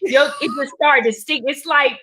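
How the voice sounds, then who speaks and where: A woman comedian with a high, bright voice tells a story in a loose, conversational way. She repeats words and fills gaps with ums as she goes, and keeps her delivery animated. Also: normal speed. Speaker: stand-up comedian guest. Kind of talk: casual storytelling in a talk show interview.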